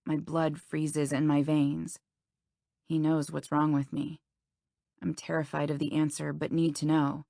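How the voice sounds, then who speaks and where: Young woman, low voice, gravelly, dry close sound, first-person romance audiobook. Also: little pitch movement, unhurried, warm tone, no echo. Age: young adult. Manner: intimate, anxious first-person telling. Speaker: audiobook narrator.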